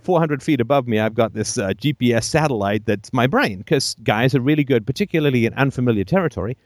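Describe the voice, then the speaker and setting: A man's voice: medium pitch, lively intonation, quick pace, dry recording, studio quality. A man hosting a call-in show, giving blunt, emphatic advice full of profanity and jokey asides.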